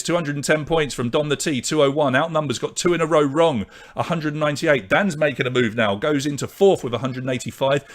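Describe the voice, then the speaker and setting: A man hosting a live online pub quiz, from Britain, briskly reading out questions, answers and scores and chatting with viewers. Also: a little high.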